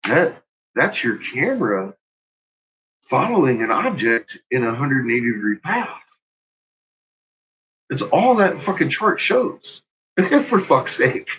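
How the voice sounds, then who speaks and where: A man's voice: mid-range voice, big pitch swings, slow pace, long pauses, a bit bright. A man ranting casually and with exasperation, swearing often and laughing at his own points. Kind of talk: profane casual rant. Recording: dull lo-fi recording.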